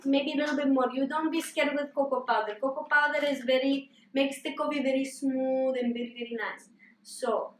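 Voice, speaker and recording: A woman's voice: sits high, a little hiss or hum. A woman hosting a comedic cooking demonstration in a put-on Greek accent, giving mock-serious, coaxing instructions with playful repetitions. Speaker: host demonstrating a recipe. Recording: echoey room, voice from a distance.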